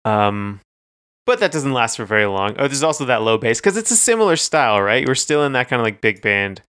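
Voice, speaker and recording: A man's voice: mid-range voice, sing-song, brisk, a bit bright, clean tone. A young man co-hosting a podcast, chatting casually and rambling about music with hesitant ums. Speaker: podcast co-host.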